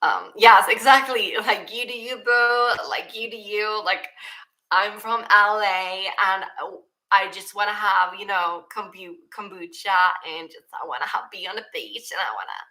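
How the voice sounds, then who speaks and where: A woman imitating a carefree young valley girl with a breezy, drawn-out manner. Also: mid-range voice, bright, forceful tone, close to an everyday voice, low-quality recording.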